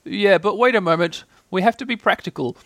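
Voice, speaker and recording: A man doing Winnie-the-Pooh, slow and earnest. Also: sits high, a bit bright, dry recording, pitched above the performer's own voice. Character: gentle simple-minded male bear.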